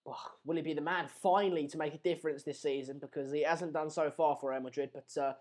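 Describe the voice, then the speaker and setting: A man's voice: on the high side, steady tone, fast, darkish tone. A young man hosting a live football watchalong stream, calling the play and chatting through viewer comments in a casual, joking way.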